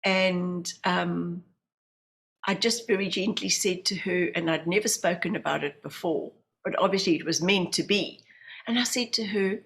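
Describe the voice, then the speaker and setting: A lowish voice at moderate pace carries this podcast guest's personal stories. The woman, in her fifties with a New Zealand accent and working as a medium and hypnotherapist, tells them with animation, acting out quoted voices along the way.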